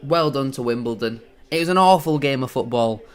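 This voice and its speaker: An excitable man giving gloating, bantering live commentary as a football fan on a match watchalong stream. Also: medium pitch, brisk, clear, resonant tone.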